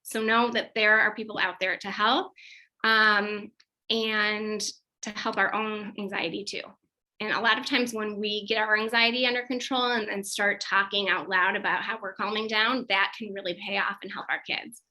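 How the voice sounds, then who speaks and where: A woman in her thirties leads a parenting workshop as a psychologist. Her voice is bright and clear. She talks chattily, full of "um" and "like," and often restarts her sentences. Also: mid-range voice, level tone, moderate pace, rough recording. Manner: chatty and conversational, with frequent fillers and self-corrections. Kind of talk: informal workshop presentation.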